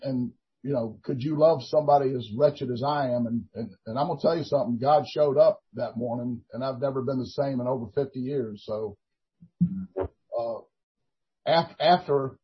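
An older man, a minister giving an earnest, halting testimony in a Christian talk show interview, full of restarts. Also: mid-range voice, slightly rough. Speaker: prison minister. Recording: dull lo-fi recording.

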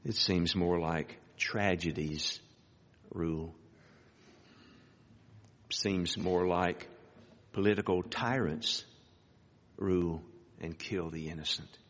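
Slow, bright-voiced man preaching in a hall. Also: fairly even intonation. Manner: reads scripture aloud, rising high on emphatic words. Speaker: pastor. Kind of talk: sermon. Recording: hall reverb.

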